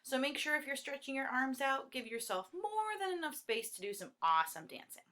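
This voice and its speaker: A woman's voice: sits high, expressive, brisk, sharp tone. A woman leading young children through a dance song, talking in a cheerful, encouraging way. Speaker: children's movement teacher. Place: at home. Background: acoustic guitar.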